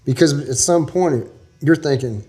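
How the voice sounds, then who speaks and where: A man's voice: fairly high pitch, a little slow, warm tone. A man from Texas, a guest in an interview, telling a long story in a folksy, rambling way with small laughs.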